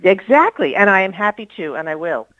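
A woman activist on a podcast, answering in a lively, wry way with laughter. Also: medium pitch, fairly quick, no room sound, dull audio. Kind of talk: casual interview chat.

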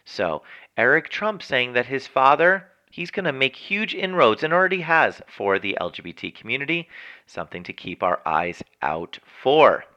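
A man's voice: mid-range voice, normal speed, muffled recording. A man hosting a news commentary segment, reading stories and adding his own chatty, opinionated remarks. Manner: chatty, editorializing, animated. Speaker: news show host.

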